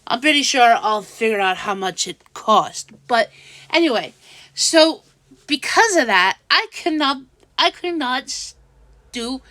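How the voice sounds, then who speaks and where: High-voiced woman venting slowly and upset. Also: pushed and bright, dry recording. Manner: upset, rambling, with frequent restarts. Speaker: vlogger. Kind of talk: casual venting monologue.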